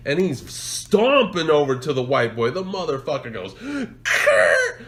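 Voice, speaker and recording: A man on a casual podcast telling a road rage story, profane and animated, acting out the shouting. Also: a little high, normal speed, a little hiss or hum. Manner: profane, loud, acts out shouting in quotes. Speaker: podcast co-host.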